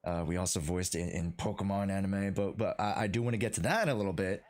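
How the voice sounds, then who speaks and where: A man's voice: low voice, fast. A man hosting a casual interview, easygoing, with frequent fillers and backchannel replies. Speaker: interview host.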